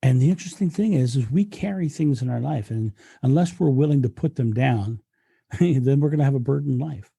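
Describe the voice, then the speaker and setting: A man's voice: medium pitch, animated, brisk, vocal fry, warm tone, breathy edge, no room sound, clean studio sound. A man, a guest speaker, talking earnestly in a reflective interview and often restarting his sentences. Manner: earnest, frequent restarts and repetitions.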